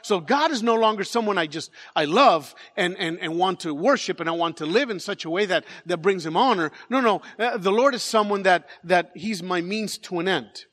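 A man's voice: high voice, animated, normal speed, few pauses, fairly bright tone, big-room sound. A man preaching a sermon as pastor, telling a story with animation, repeating words and joking with the congregation. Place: large church.

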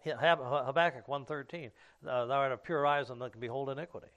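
A man preaching a sermon, teaching from scripture in an unhurried way with frequent fillers and restarts. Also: medium pitch, fairly even intonation, a bit bright, muffled recording.

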